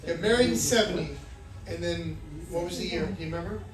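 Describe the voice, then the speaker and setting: A man doing stand-up, telling a self-mocking story with animated energy. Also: high-pitched, brisk, distant mic. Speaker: stand-up comedian. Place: comedy club, indoors. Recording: roomy club from afar, loud crowd. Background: audience laughter.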